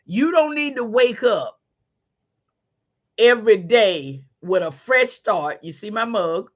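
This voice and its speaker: A middle-aged woman hosting a podcast, giving a faith-based motivational talk in a folksy, animated way and calling listeners honey. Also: mid-range voice, takes it slowly, dull audio. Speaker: podcast host.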